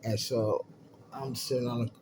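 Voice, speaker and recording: A man's voice: medium pitch, fairly even intonation, moderate pace, background noise. A middle-aged man telling a long personal story in casual, profane talk, laid-back and full of "you know what I mean.".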